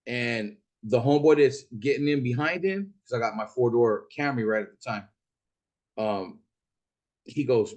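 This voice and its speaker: A man from Arizona casually retelling a rideshare story, profane and animated, acting out the other people's lines. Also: medium pitch, normal speed. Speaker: rideshare driver telling a story.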